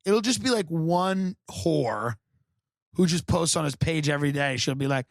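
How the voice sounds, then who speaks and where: This comedian podcast host from Long Island, New York spins casual, rambling, sardonic tales, slipping in and out of different voices. He sounds a little high and expressive with some creak, speaks at normal speed, and the recording is dry and studio-clean.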